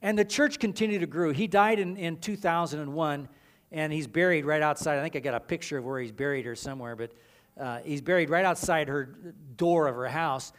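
A man's voice: a little high, a little fast. A man preaching a sermon as a missions leader, telling stories with emphatic repetitions and frequent restarts.

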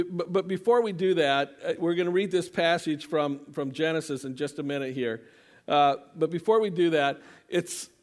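A man preaching a sermon in a conversational way, often repeating words and restarting sentences. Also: fairly high pitch. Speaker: pastor.

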